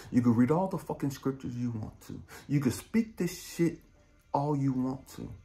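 A man giving a profane motivational talk as a life coach, blunt and intense, swinging between loud urging and low muttering. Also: gravelly. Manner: blunt, heavy swearing, drill-instructor intensity.

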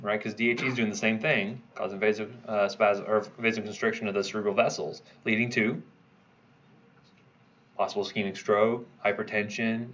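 A man's voice: lowish voice, fairly bright tone, lo-fi sound. A man teaching a pharmacology review class, quizzing students and checking in with "right?" as he goes. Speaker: pharmacology instructor. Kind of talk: review lecture.

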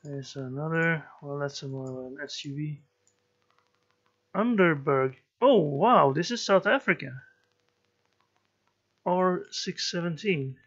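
A man giving slow let's play commentary, musing and thinking aloud as he plays. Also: fairly high pitch, highs cut off. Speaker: gameplay commentator.

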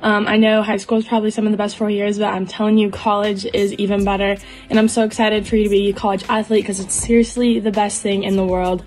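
A woman's voice: medium pitch, little pitch movement, quick pace, few pauses, a little mellow, soft background music, low-quality recording. A woman giving a chatty, enthusiastic congratulations message. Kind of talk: casual video message.

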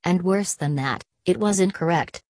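A man's voice: fairly high pitch, normal speed, darkish tone, dry recording, clean studio sound, natural voice. A woman reading a cold, stern male official. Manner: clipped and cold. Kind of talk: audiobook character reading.

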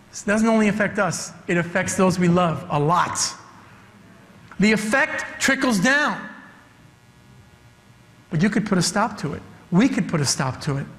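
A man with a high voice delivers a sermon with emphasis, circling back to repeat his points. His voice rings through a church sanctuary with a long, lingering reverb. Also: a bit bright. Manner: emphatic, repeats key phrases. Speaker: youth director preaching.

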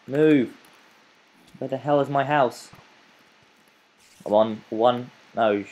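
A young man giving let's play commentary, frustrated, swinging between muttering and yelling at the game. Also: medium pitch, very slow, long pauses. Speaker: gamer.

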